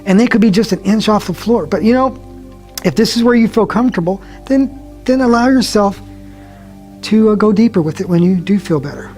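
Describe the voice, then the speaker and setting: Calm male yoga instructor, slightly high. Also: soft background music. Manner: calm, slow guiding cues with soft drops in volume. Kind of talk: guided yoga class instruction.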